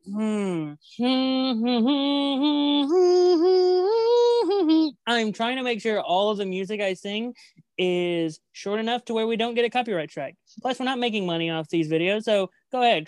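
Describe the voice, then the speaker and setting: A woman's voice: mid-range voice, normal speed, clean tone, no room sound. A woman co-hosting a casual podcast, chatty and playfully competitive, rambling as she makes her predictions. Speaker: podcast co-host making match predictions. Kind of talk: casual chat.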